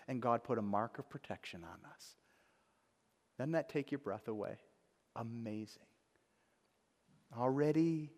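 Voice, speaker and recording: A man preaching a sermon, swinging between loud dramatic bursts and hushed asides. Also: mid-range voice, lively intonation, unhurried, pauses often. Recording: long hall reverb.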